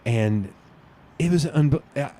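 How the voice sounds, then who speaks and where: A man's voice: medium pitch, lively intonation, slow pace, mellow. Rambling Southern man telling stories. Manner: rambling, laughs often. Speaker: podcast guest. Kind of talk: casual storytelling chat.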